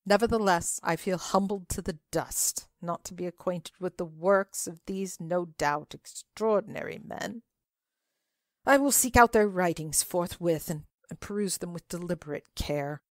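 A woman's voice: lowish voice, a little slow, no echo, clean studio sound, natural voice. A woman voicing an eager, apologetic young male visitor in a dramatic reading of a classic story, speaking deferentially with polite stammers.

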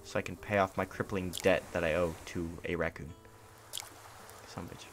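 A man's voice: low-pitched, flat delivery, fairly quick, vocal fry, over music. Sarcastic, grumbling young man. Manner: sarcastic, grumbling mock indifference. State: tired. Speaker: streamer. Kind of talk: casual live-stream gameplay commentary. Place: hot room at home. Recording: noisy home stream recording.

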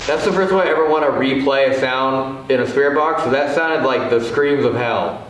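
A man's voice: mid-range voice, normal speed. Rattled young man, distant in an echoey hall. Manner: rattled, swearing, shaky and emotional. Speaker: paranormal investigator. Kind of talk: reporting spirit box sounds. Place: large abandoned hospital, indoors at night. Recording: echoey hall, far from mic, noisy.

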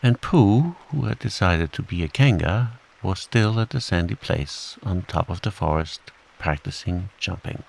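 A man reads a bedtime story aloud in a calm, soothing manner meant to help listeners unwind. His voice sits on the low side and carries a soft gravelly texture. He takes his time with each line while steady rain patters behind him. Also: unhurried, hardly any pauses, rough recording. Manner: gentle, relaxing. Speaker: audiobook narrator.

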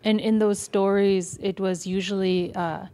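A woman interviewing a storyteller, asking soft-spoken, hesitant questions. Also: medium pitch, level tone, unhurried.

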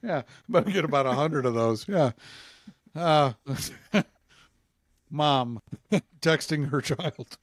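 A man's voice: a little high, slow pace, pauses often, no echo, studio quality. A man co-hosting a casual podcast chat, laughing often as he reads out jokes. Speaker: podcast co-host.

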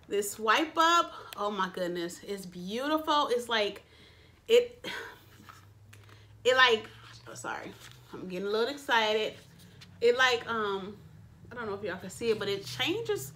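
Bright-voiced gushing woman vlogger. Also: fairly high pitch, slight background noise. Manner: gushing, excitable, addresses viewers as y'all. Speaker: beauty vlogger. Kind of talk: casual unboxing chat. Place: her bedroom.

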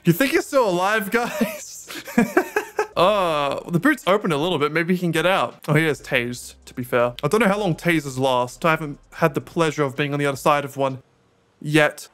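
A man's voice: a little high, animated, normal speed, fairly bright tone. A young man giving sarcastic gameplay commentary and talking back to game characters. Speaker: gaming YouTuber.

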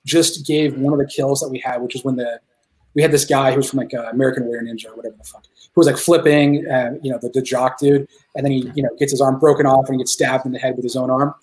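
Excitable swearing filmmaker, rambling. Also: male voice, mid-range voice, fast talker. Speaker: filmmaker guest. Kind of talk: casual interview chat.

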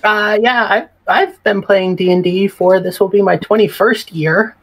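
A woman's voice: mid-range voice, measured pace. A woman chatting casually as a guest, chatty and wry. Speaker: guest player. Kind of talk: casual chat.

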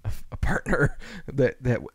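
A man in his thirties co-hosting a podcast, relaxed and reflective, thinking aloud with fillers. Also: medium pitch, normal speed, breathy edge, no echo, studio quality. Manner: easygoing, reflective, lots of fillers. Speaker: podcast co-host. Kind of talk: casual chat.

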